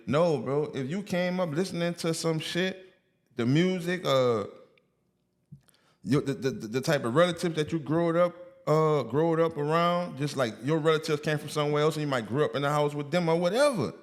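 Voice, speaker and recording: A man's voice: mid-range voice, normal speed. A man with a New Orleans accent, co-hosting a podcast in blunt, emphatic casual chat full of street slang. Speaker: podcast co-host.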